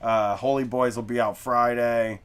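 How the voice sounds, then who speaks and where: A middle-aged man hosts a podcast from a studio basement, chatting casually in a loose, rambling way and swearing freely. His voice is medium-pitched, clear and resonant, with fairly even intonation at a moderate pace.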